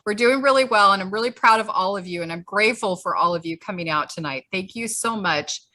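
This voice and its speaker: A woman wrapping up a community meeting over a video call, talking in an emphatic, conversational way. Her voice is bright and forward, and it keeps an even, everyday pitch. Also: fairly quick. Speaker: grassroots group leader. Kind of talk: closing remarks at an online meeting.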